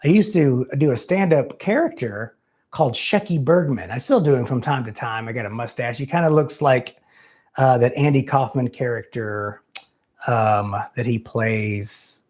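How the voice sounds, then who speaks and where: A man hosts a live call-in show in a loose, rambling way. He curses casually and pokes fun at himself. His voice sits at a plain middle pitch. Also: normal speed, a little mellow. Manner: rambling, self-deprecating, loose and profane. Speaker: host.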